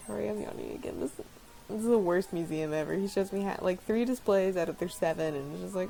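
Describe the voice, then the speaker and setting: Woman, casual let's-play host, gravelly fry, rambling and self-deprecating. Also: fairly low pitch, normal speed, pauses often, dark tone, soft background music, rough recording. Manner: rambling, apologetic, laughs often. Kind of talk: casual gameplay commentary.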